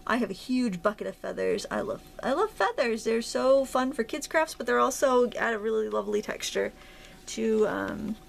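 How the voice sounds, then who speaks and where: A woman's voice: a little high, lively intonation, normal speed, creaky. A woman with a Maine accent hosting a casual crafting tutorial, chatty and self-deprecating as she thinks aloud while working. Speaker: craft video host.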